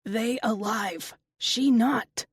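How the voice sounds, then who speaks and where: A woman's voice: a little high, slightly rough, no echo, clean studio sound, exaggerated voice. Woman voicing Otto, an old broken-speaking lizard. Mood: grim. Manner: broken halting English. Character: old male lizard servant, anguished and loyal.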